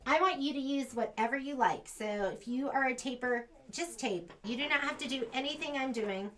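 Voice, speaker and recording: High-voiced chatty American woman teaching embroidery. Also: normal speed, a bit bright. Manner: chatty, thinks aloud, self-correcting. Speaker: sewing shop instructor. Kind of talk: embroidery demonstration. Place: sewing shop.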